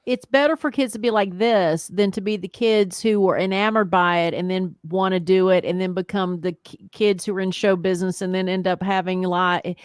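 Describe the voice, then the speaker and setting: Woman co-host, thoughtful and earnest, close dry mic, mid pitch. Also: fairly even intonation, moderate pace, hardly any pauses, clean tone, no echo. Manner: earnest, thinking aloud. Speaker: podcast co-host. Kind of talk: casual chat.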